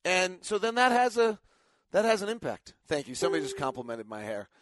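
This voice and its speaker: A tired middle-aged man runs a casual sports talk show, rambling through his stories and stopping to correct himself. His voice sits a little higher than most men's. The recording is dry, with no room sound. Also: a little fast, fairly bright tone, no room sound. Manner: rambling storyteller, frequent self-corrections. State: tired after little sleep.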